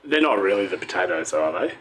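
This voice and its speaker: A man's voice: low voice, big pitch swings, quick pace, noisy background. Teasing man co-hosting. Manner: dry teasing banter, leads topics. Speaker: podcast co-host. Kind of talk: casual chat.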